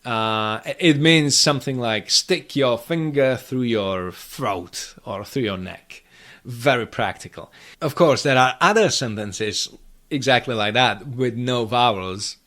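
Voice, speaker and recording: A man who speaks as his gives a pronunciation lesson at an unhurried pace. He breaks sounds into pieces and repeats them slowly, with a mid-range pitch and a dry, understated sense of humor. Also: fairly bright tone. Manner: demonstrates sounds by slow repetition, dry humor. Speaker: Czech language teacher.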